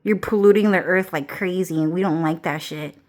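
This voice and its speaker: A woman's voice: lowish voice, fairly quick, a little mellow. A young woman rambling through a casual vlog rant. Her talk is loose and profane, full of restarts and laughter. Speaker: vlogger.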